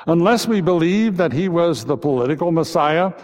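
A man's voice: fairly high pitch, lively intonation, moderate pace, darkish tone. A man preaching a Good Friday sermon as a pastor, reflective and posing repeated rhetorical questions. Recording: long reverb.

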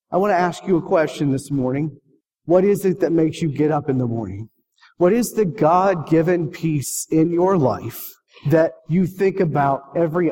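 A man's voice: a little high, mellow. Earnest preacher man in a reverberant hall. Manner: storytelling, earnest questions. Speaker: pastor. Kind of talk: sermon.

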